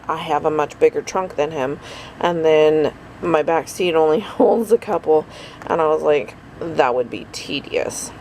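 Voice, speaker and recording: A woman's voice: low voice, a little mellow, slight background noise, poor audio. A tired middle-aged woman rambling through a casual daily vlog, full of fillers and asides. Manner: rambling, chatty, lots of fillers. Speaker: vlogger.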